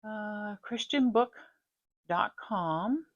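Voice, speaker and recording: This middle-aged flosstube host speaks extremely slowly in a medium-pitched, expressive voice, and the audio sounds dull. She's warm and chatty, wandering casually between topics in her stitching vlog.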